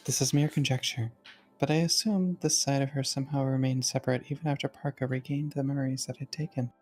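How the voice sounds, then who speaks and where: A friend reading a visual novel aloud, voicing a calm, composed male guide from the dream world in a measured, slightly formal way. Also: mid-range voice, faint music behind, close to an everyday voice.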